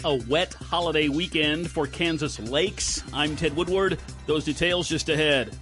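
A man co-anchoring a radio newscast, reading headlines with a crisp, even delivery. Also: a little high, unhurried, faint music behind. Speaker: news anchor.

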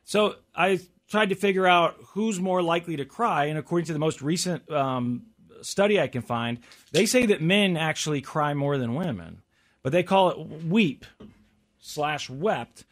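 A man with a slightly higher voice reads out survey numbers in a relaxed, chatty way. He breaks them up with wry comments and quick laughs. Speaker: podcast host. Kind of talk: casual chat.

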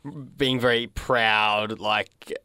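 Bright clear Australian young man. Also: medium pitch, steady tone, slow pace, dry recording, clean studio sound. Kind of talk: casual chat.

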